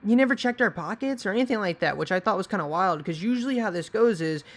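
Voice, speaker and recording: A man's voice: sits high, expressive, quick pace, fairly bright tone. A young man telling a story casually, rambling and swearing, with many fillers and restarts. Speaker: vlogger.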